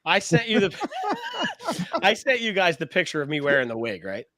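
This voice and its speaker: A man's voice: sits high, moderate pace, slight background noise. A man, co-hosting a casual round-table podcast, telling stories with swearing and laughter. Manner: animated storyteller, swears freely, laughs often. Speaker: podcast co-host.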